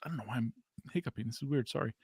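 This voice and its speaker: A man's voice: mid-range voice, rapid-fire, darkish tone, husky, no room sound, clean studio sound. A man co-hosting a casual paranormal podcast chat, joking, laughing often and swearing. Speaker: co-host.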